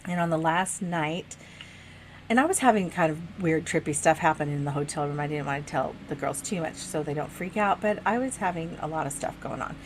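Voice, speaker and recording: Middle-aged woman podcast co-host, chatty, expressive storyteller, laughs a lot, casual swearing. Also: low voice, fairly quick, slight background noise. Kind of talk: casual chat.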